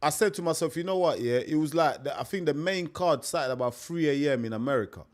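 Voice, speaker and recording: A young man with a fairly high voice hosts a live stream. He chats casually, rambles and repeats himself, and keeps calling his listeners mate. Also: animated, fast. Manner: chatty, repetitive, peppers talk with "mate".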